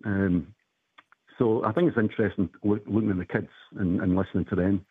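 A low, husky man on a tinny phone line, telling family stories slowly and hesitantly with lots of ums. The sound is dry and narrow-band. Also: steady tone, no echo. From Scotland. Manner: reflective, hesitant with many ums. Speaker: caller.

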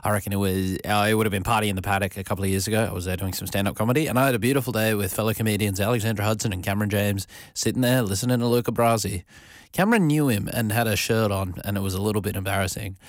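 A man with an Australian accent hosts a studio radio show, rambling along in easygoing chat with plenty of ums and restarts. His voice sits a little low, close to the mic. The studio sound is dry. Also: very fast, dry recording. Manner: rambling, chatty, full of fillers and restarts. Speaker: radio host. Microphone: studio microphone.

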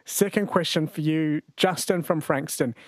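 A man hosting a radio quiz, talking in a chatty, jokey way. His voice sits a little high, and the close studio mic sounds dry. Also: moderate pace, no room sound. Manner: chatty, jokey, laughs easily. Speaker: radio host. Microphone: studio microphone.

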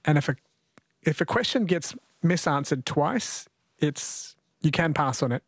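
A man's voice: on the high side, expressive, measured pace, breathy edge, no room sound. A man hosting a radio quiz, chatty and jokey, laughing often. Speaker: radio host.

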